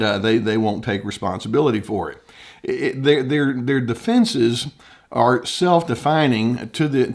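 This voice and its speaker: Gravelly-voiced man, measured therapy talk. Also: medium pitch. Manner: thoughtful, with frequent restarts and quoted example statements. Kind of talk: unscripted teaching talk to camera.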